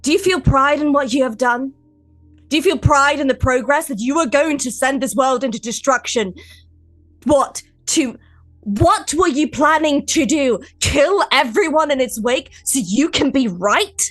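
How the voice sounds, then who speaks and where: A woman's voice: high voice, a little slow, dry recording, soft background music. A woman voicing a grieving, furious woman who hurls bitter, mocking accusations in a tabletop role-play. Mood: bitter mockery.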